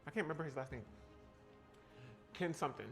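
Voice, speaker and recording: With soft background music behind him, a man bakes on a live-stream in his home kitchen, chatting playfully with viewers and reacting to their messages with sassy exclamations. He's from South Carolina, and his voice is fairly high and a bit bright, with a quick pace.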